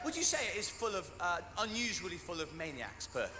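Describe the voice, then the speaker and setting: A man's voice: sits high, huge pitch swings, fairly quick. A British man doing dry, self-deprecating stand-up comedy, recorded on stage in a venue with an audience. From Britain. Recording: echoey venue, faint noise.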